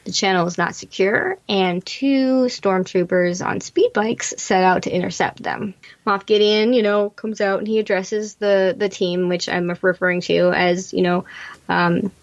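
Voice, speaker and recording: A woman's voice: medium pitch, steady tone, measured pace. Chatty woman podcaster, muffled audio. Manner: chatty, rambling, laughs often. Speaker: podcast co-host. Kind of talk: casual recap chat.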